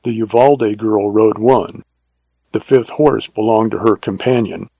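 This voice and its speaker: A man's voice: fairly low pitch, unhurried, vocal fry, dark tone, husky, no echo, heavily acted. A man playing a cool, terse Texas Ranger in a read-aloud western.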